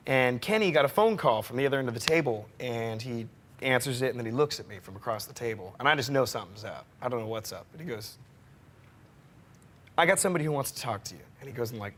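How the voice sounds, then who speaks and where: A man telling a personal story as a talk show guest, excited and laughing often, tripping over his words. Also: medium pitch, fast talker, a little hiss or hum. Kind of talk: casual anecdote.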